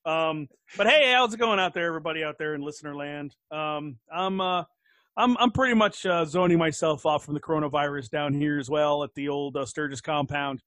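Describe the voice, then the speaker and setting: A man co-hosts a casual podcast in a slightly high voice, halting often with "uh" and "you know". The recording is dry and close, with no room sound. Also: fairly bright tone, no echo. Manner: hesitant, heavy with fillers like uh and you know. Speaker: podcast co-host.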